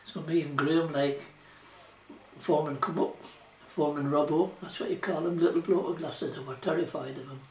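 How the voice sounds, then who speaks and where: A former shipwright from South Shields, now an older man, shares rambling oral history memories of his working life in casual Geordie, leaning on "you know" and "like." His voice is on the high side, steady, a little fast and a little mellow. The distant, off-mic mic picks up roomy echo and slight background noise.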